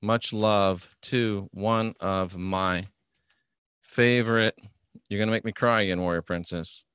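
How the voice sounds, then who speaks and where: A man's voice: lowish voice, steady tone, slow pace, fairly bright tone, clean tone, no room sound, clean studio sound. A middle-aged man hosting a casual live stream, reading viewer questions and rambling in an offhand, joking way. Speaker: livestream host reading viewer comments.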